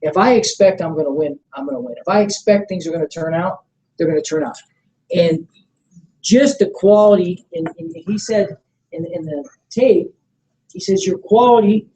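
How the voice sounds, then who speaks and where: A middle-aged man leading a motivational sales training seminar. He coaches with energy, keeps checking that the room is following, and acts out sample pitches. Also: moderate pace, pauses often, dark tone, low-quality recording. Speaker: network marketing trainer.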